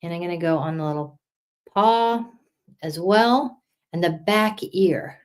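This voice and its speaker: A woman's voice: lowish voice, a little slow, clear, resonant tone. Chatty woman hosting a crafting livestream. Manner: chatty, encouraging, calls viewers friends. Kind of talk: casual live-stream chat while coloring.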